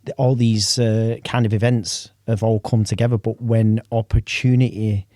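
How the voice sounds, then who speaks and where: A man's voice: on the low side, little pitch movement, normal speed, warm tone, dry recording, clean studio sound. A man co-hosting a podcast, chatting casually and reflecting with enthusiasm, using British slang. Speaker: podcast co-host.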